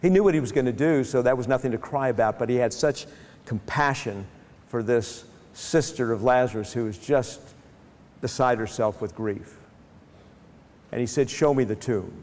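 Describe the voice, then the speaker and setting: A man giving a lecture that retells a Bible story, in a lively storytelling manner with frequent restarts. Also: medium pitch, normal speed, long reverb tail. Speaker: speaker.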